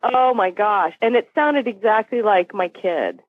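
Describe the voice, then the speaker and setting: A woman in her forties, a podcast guest, telling a story with animated quoted voices. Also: medium pitch, measured pace, no echo. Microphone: phone call. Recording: tinny phone line.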